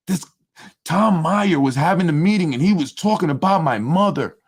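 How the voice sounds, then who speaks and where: Animated New man hosting political talk. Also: a little high, moderate pace, breathy edge. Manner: animated, repetitive, with frequent tag questions; acts out other people's speech in quoted voices. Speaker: political talk show host. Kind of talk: casual political commentary to an audience.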